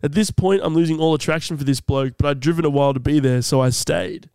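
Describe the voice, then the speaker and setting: Bright-voiced guy reading a letter. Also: fairly high pitch, fast, clear, resonant tone, no room sound. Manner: jokey, reads a listener letter aloud with asides. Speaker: podcast co-host. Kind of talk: casual comedy podcast chat.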